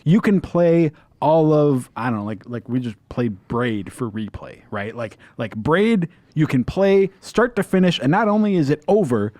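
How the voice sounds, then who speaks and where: A man in casual podcast chat who rambles and hedges, packing his thoughts with fillers. His voice sits a little high and swings lively up and down. The studio sound is close and dry. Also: normal speed, few pauses, no echo. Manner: rambling, hedging with many fillers. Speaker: podcast co-host. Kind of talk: casual panel discussion.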